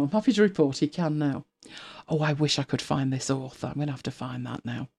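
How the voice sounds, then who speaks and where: Her low, husky voice is expressive and fairly quick. She's a podcast co-host in her fifties, given to casual rambling talk, frequent laughter and the odd whisper.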